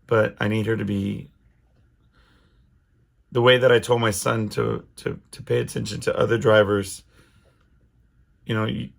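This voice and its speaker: A man's voice: on the low side, vocal fry. A middle-aged man hosting his own podcast, talking alone in a casual, rambling way with lots of restarts and fillers. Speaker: podcast host. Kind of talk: casual solo monologue.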